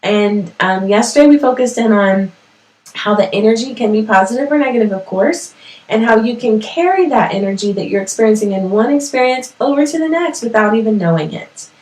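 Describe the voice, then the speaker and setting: A woman's voice: fairly high pitch, animated, a little fast, darkish tone, distant mic. A woman hosting a parenting talk show from her home, speaking to her viewers in a chatty, motivational way and laughing at herself. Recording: echoey room, voice set back from the mic.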